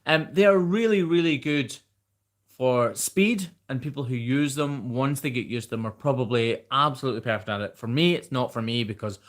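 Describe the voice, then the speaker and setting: A man's voice: mid-range voice, normal speed. A man with a mild Scottish accent hosting a live question-and-answer stream, reading viewer questions and answering them off the cuff in a chatty way. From Scotland. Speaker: host.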